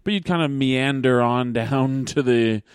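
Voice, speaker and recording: A man's voice: mid-range voice, measured pace, smooth, no echo, clean studio sound. A man talking casually about his wrestling days, rambling with many fillers and restarts. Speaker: podcast host, wrestler. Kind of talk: casual chat.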